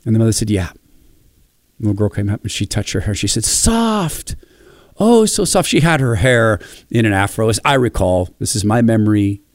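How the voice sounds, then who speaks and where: A middle-aged man from the Pacific Northwest of the United States, sharing personal stories with enthusiastic, reflective warmth. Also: fairly low pitch, steady tone, fast, dry recording. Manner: warm storytelling, enthusiastic and reflective. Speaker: speaker.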